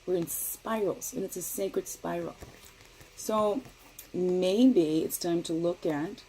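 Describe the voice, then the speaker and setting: A middle-aged woman giving a casual daily spiritual card reading, talking in a gentle, meandering way and often asking "right?". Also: on the low side, slow pace, slight background noise, poor audio.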